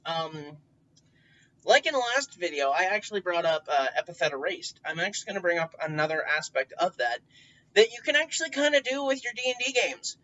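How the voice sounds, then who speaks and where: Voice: medium pitch, expressive, fairly quick, sharp tone. Rambling gamer giving tips, distant and dull. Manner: rambling, many fillers and restarts, occasional swearing. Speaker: tabletop game player giving tips. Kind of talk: casual advice monologue.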